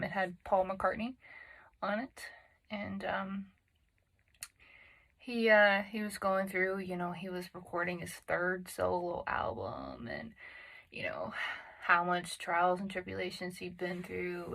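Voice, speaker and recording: A woman's voice: mid-range voice, a bit bright, low-quality recording. A woman hosting a solo podcast, recorded in a home closet on a phone and computer, talking in a chatty, self-deprecating way with lots of fillers. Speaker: podcast host. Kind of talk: casual solo podcast chat.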